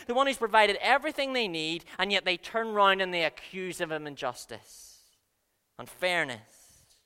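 A man preaching in a church, his voice bright, clean and resonant. He is earnest and moves from hushed lines to loud ones. A long reverb from the large hall trails behind each phrase. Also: high-pitched, smooth. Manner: earnest, swings between soft and loud. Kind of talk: sermon.

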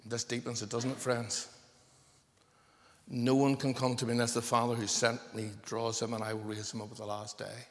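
Preacher in a reverberant hall. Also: male voice, medium pitch, flat delivery, moderate pace. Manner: emphatic, repeating phrases for stress. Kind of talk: sermon. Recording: long reverb of a large hall.

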